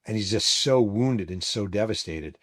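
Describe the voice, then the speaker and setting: A middle-aged man, a show host and author, narrating a true story vividly and acting out the shouts of the people in it. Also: fairly low pitch, lively intonation, moderate pace.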